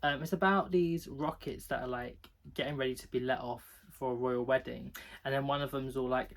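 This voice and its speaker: A man's voice: mid-range voice, steady tone, brisk, creaky. Rambling man reviewing books. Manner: rambling, peppered with "like"; chatty and giggly. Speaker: book vlogger. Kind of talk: casual book review chat.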